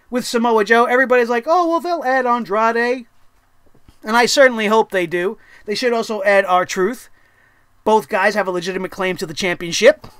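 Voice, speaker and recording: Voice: medium pitch, fairly bright tone, smooth, dry recording. Heated, sarcastic wrestling show ranter. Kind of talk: ranting wrestling review.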